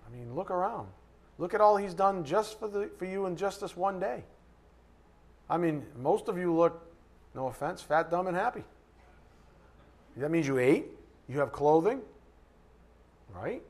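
Male Bible teacher, slightly high-pitched, conversational and joking with emphatic bursts. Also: lively intonation, a little slow, long pauses, darkish tone. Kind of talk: sermon.

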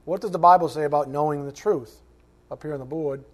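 A pastor delivers a sermon in a conversational, self-mocking way, breaking into animated bits and playful shouts. His voice sits a little high for a man. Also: brisk. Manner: animated, joking, shouts at times.

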